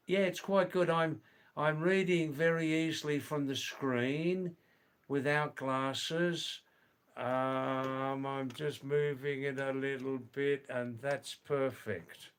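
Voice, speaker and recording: A middle-aged man hosting a livestream, reading viewer comments aloud and slowly, gently correcting their English. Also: fairly high pitch, steady tone, smooth. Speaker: livestream host.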